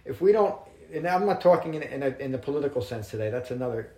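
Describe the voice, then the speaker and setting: Guy giving a dharma talk, middle pitch, slow measured verse reading, roomy echo. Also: lively intonation, dark tone. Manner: measured, reflective, reads verses aloud slowly. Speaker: Buddhist teacher. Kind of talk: dharma talk to a small group. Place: room with a small group.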